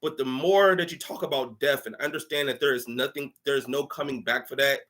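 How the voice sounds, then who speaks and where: A man's voice: medium pitch, fairly even intonation, brisk, fairly bright tone. A man ranting on a livestream, preachy and heated, often stammering and restarting his sentences. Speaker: livestream commentator. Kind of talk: emotional livestream rant.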